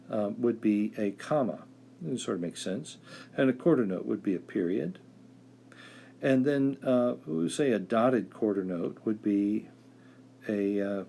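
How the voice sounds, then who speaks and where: A man teaching music theory, explaining at an easy pace with many pauses and fillers, now and then singing and counting out rhythms. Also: lowish voice, creaky, dark tone, a little hiss or hum. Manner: hesitant, many "uh" fillers, sings and taps out rhythms. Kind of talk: relaxed classroom explanation.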